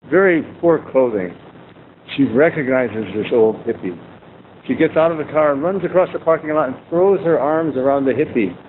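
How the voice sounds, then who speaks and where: A man in his sixties giving a humorous, conversational university lecture with anecdotes. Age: 60s. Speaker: guest lecturer. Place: warm university lecture room. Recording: tinny phone-like sound, faint rumble.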